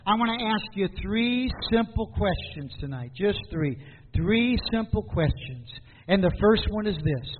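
A man preaching a sermon as pastor, with dramatic pauses and repeated questions. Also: high-pitched, animated. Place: church. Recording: tinny phone-like sound in a hall.

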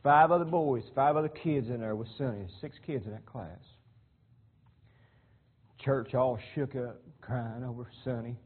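Folksy preacher on a tinny line. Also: male voice, mid-range voice, steady tone, measured pace, long pauses. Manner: fervent, folksy, repeats words. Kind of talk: storytelling sermon. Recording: tinny phone-like sound.

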